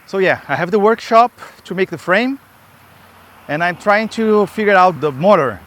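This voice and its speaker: A man with a somewhat high voice talks while skating through a park, breathing hard between his rambling, chatty asides. The sound comes from a camera he carries or wears on his body. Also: animated, moderate pace, fairly bright tone. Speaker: skate builder vlogger. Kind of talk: casual vlog while skating. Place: outdoor park with trees. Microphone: camera held in hand or strapped to body.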